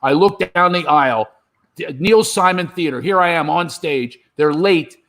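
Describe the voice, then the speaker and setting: A man with a fairly high-pitched voice, telling a story the way a stand-up comic would. He is animated and jumps into the voices of the people in his story, and he is talking over a remote video call. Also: moderate pace. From Philadelphia. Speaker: comedian guest. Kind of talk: storytelling chat.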